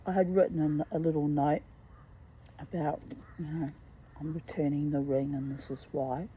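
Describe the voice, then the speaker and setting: A middle-aged woman reading aloud from her own memoir, reflective and halting, with frequent asides. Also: low-pitched, fairly even intonation, dark tone, slight background noise, low-quality recording. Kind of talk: personal storytelling read aloud.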